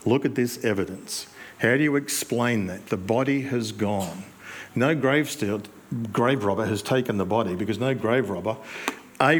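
A male pastor, preaching in a conversational storytelling way with reflective pauses. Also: lowish voice. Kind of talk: sermon.

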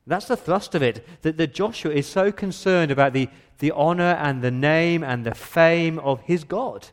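A man's voice: a little high, normal speed, few pauses. A male pastor preaching an earnest, emphatic sermon in a church, often repeating words as he builds his point.

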